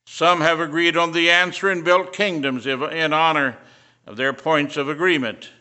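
A man's voice: on the high side, steady tone, normal speed, sharp tone. An older man preaching a sermon, telling a story and building to fervent emphasis.

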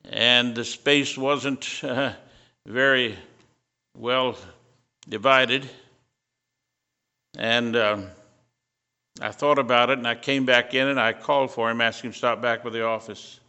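A man's voice: mid-range voice, steady tone, takes it slowly, long pauses, bright, forceful tone, clear, resonant tone. An older man preaching a sermon, telling a story and building to fervent emphasis.

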